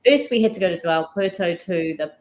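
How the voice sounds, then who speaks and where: A woman's voice: fairly low pitch, fairly quick, darkish tone, rough recording. A middle-aged woman co-hosting a vlog, telling stories in a chatty, enthusiastic way. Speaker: vlog co-host. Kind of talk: casual chat.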